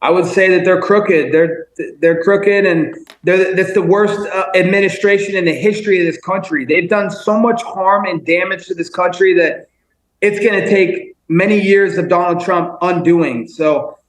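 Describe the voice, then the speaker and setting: A man's voice: high voice, moderate pace, roomy sound, poor audio. A man guesting on a talk show, speaking bluntly and emphatically, repeating his points. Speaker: guest fighter. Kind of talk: call-in interview.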